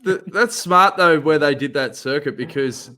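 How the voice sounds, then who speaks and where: A man co-hosting a casual podcast, dropping in quick wry remarks. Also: fairly high pitch, pushed and bright. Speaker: podcast co-host. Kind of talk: casual chat.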